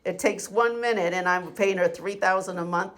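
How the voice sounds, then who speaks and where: A woman's voice: medium pitch, moderate pace, a bit bright. A middle-aged woman venting in a personal video diary, profane and sarcastic as she rants. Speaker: vlogger. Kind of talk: angry personal venting monologue. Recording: faint background noise and clicks.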